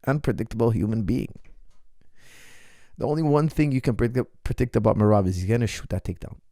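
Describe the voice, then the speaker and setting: A man coaching fighters talks through a bout in casual podcast style, driving each point home with emphasis and repetition. His voice has a gravelly edge at a middle pitch. The sound is dry and close, with no room around it. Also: dry recording. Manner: animated, emphatic, repeats points. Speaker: MMA coach.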